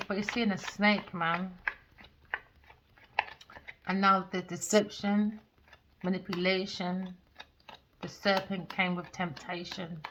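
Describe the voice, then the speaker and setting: A woman's voice: lowish voice, noisy background. A woman giving a rambling, emphatic tarot reading, swearing freely. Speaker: tarot reader. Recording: dull lo-fi recording.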